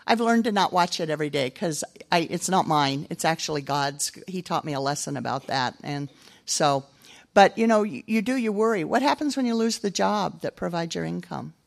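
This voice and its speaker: An older woman preaches in a casual, chatty way, poking gentle fun at herself as she tells stories. Her voice is gravelly with some vocal fry. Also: on the low side, lively intonation, normal speed. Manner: chatty, self-deprecating. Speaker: speaker at a church gathering. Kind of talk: casual storytelling sermon.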